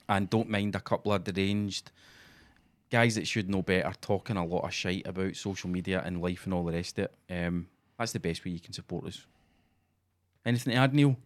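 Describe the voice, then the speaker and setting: Sweary Scottish man telling stories. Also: on the low side. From Scotland. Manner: sweary, animated storytelling with acted-out quotes. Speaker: podcast co-host. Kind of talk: casual chat.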